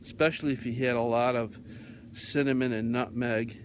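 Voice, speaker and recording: A man's voice: medium pitch, fairly even intonation, moderate pace, noisy background. A man hosting on radio, telling a rambling story in a meandering way with many fillers. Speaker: radio host.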